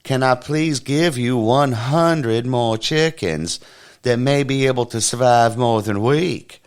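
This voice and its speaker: A man's voice: mid-range voice, slow pace, clean tone, voice pushed up, natural voice. A man voicing a polite, patient male clerk at a rural feed store, speaking in a folksy, courteous way.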